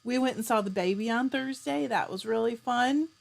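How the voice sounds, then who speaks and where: A woman hosting a casual live stream. She reads out viewers' comments, chats back to them and keeps clearing her throat. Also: a little high, moderate pace. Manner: chatty, reads out comments and answers them warmly. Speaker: livestream host.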